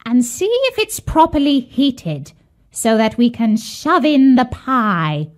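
Woman doing a shrill jeering old witch. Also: big pitch swings, slow pace. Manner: shrill, jeering, bossy shouting. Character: cruel cannibal old witch, jeering and greedy.

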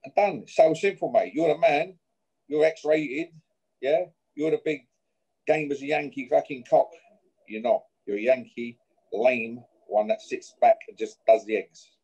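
A boxer issues a challenge in an interview, trash-talking a rival and closing each point with a confrontational "yeah?". He speaks at a measured pace in a mid-range voice that's husky and a little mellow, and the audio sounds dull.

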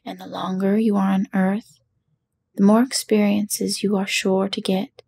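A woman's voice: medium pitch, flat delivery, measured pace, gravelly, a little mellow, slightly rough. A woman whispering as a meek fake wizard, whispered role-play. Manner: apologetic, meek. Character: humbled little old man posing as wizard.

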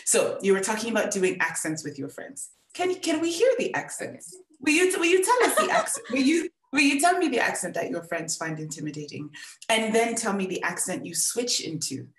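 A woman teaching a storytelling workshop, giving gentle, encouraging feedback and often repeating her words. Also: medium pitch, sing-song, moderate pace, roomy sound. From born in England, raised in the United States.

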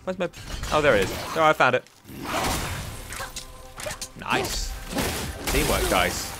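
Music plays in the background as a young YouTuber comments on his gameplay. His medium-pitched voice swings widely in pitch and he takes it slowly, chatting and joking to himself as he goes.

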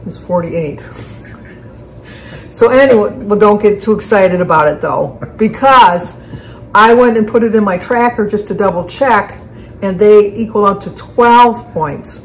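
A woman's voice: mid-range voice, a little slow, a little hiss or hum, poor audio. A woman hosting a casual home cooking video, chatty and correcting herself mid-sentence as she explains each step in her kitchen. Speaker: cooking channel host.

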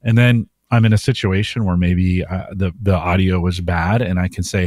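A man's voice: low-pitched, steady tone, moderate pace, few pauses, a little mellow, no room sound, clean studio sound. A man co-hosting a casual podcast chat, thinking aloud and restarting his sentences as he muses. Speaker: podcast co-host.

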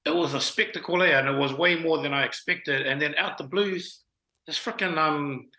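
A man's voice: fairly high pitch, moderate pace, pushed and bright. A man, a film writer and producer, telling his story in laid-back slang with many fillers as an interview guest. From New Zealand. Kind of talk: casual interview chat. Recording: roomy echo.

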